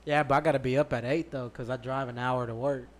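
A man's voice: medium pitch, fairly even intonation, fast. A man on a podcast, easygoing but blunt, swearing casually. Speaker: podcast co-host.

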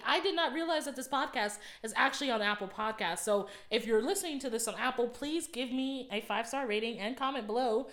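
A woman's voice: on the high side, brisk, hardly any pauses, a bit bright. A young woman hosting a podcast in casual chat, swearing freely and laughing often. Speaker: podcast host. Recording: echoey room.

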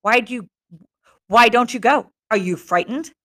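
A woman's voice: on the high side, normal speed, pushed and bright, pitched above the performer's own voice. A woman reading aloud the lines of a tense, stubborn schoolboy leader, clipped and defiant. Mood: irritated.

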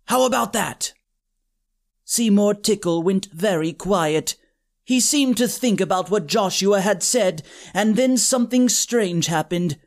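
A narrator reading a comic story in a dry, deadpan manner. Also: mid-range voice, unhurried. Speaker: audiobook narrator.

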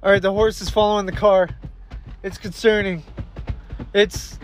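A man hosting a goofy comedy podcast, excitable and full of slangy banter. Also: high voice, moderate pace, pauses often, music in the background. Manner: excitable, says dude and bro a lot. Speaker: host.

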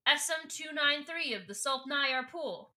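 A woman's voice: sits high, expressive, a little slow, pushed and bright, pitched above the performer's own voice, exaggerated voice. A woman voicing a rambling, half-mad homeless man who blurts out frantic, stammering outbursts. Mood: dazed.

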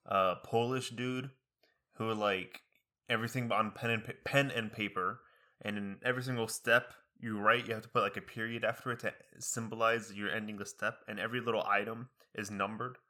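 Bright-voiced young man rambling casually. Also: steady tone. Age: young adult. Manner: rambling, jumps into high-pitched impressions of others; quick, many fillers and restarts. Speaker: college student, co-host. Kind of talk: casual chat.

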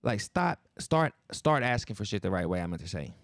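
A man's voice: lowish voice, big pitch swings, moderate pace, a bit bright, dry recording, studio quality. A man hosting a podcast, talking alone in a loose, profane, slang-heavy style, acting out the people in his stories. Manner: loose, profane storytelling with slang and reenacted dialogue. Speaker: podcast host. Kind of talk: casual monologue.

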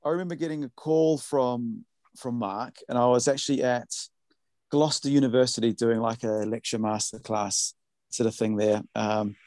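A man's voice: mid-range voice, moderate pace, a little mellow, no echo, clean studio sound. A man, a music producer, talking in a rambling casual podcast chat full of fillers.

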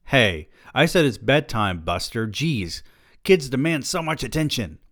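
A man voicing a high-strung, self-important novelist father at a wild party, in a comic reading. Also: sing-song, measured pace, no echo, studio quality, heavily acted. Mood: frantic. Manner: loud, frantic, exaggerated.

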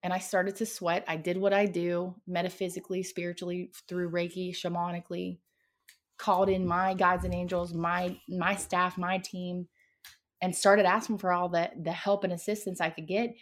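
Woman guest telling a spooky true story, slightly low voice, really dramatic delivery. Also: little pitch movement, normal speed. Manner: dramatic, vivid storytelling with acted quotes. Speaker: podcast guest. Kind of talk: telling a personal paranormal story.

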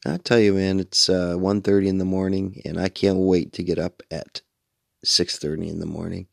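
A man's voice: sits low, flat delivery, normal speed, vocal fry, no room sound, clean studio sound. A middle-aged man hosting a late-night radio show, tired and sleepy, rambling casually and swearing freely. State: sleepy, yawning.

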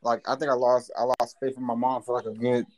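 A man's voice: mid-range voice, level tone, fast talker, a little mellow. A man co-hosting a podcast, telling rambling, profane stories with frequent laughter in casual chat. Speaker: podcast co-host.

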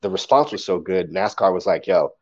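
A man, a poet, telling stories casually in an interview, animated and acting out quotes. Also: sits low, a little fast, lo-fi sound.

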